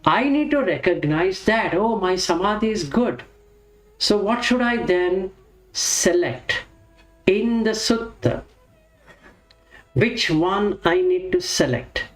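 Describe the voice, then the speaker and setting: A man's voice: high-pitched, expressive, takes it slowly. A man giving a reflective teaching talk on Buddhist practice, explaining step by step and asking and answering his own questions. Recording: roomy echo with faint music.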